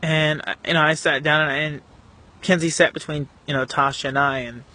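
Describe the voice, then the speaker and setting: A man with a slightly high, bright and forceful voice tells his own story to the camera. He speaks earnestly and emotionally, often halting and restarting as he searches for the words. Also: steady tone. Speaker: vlogger. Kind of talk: personal story told to camera.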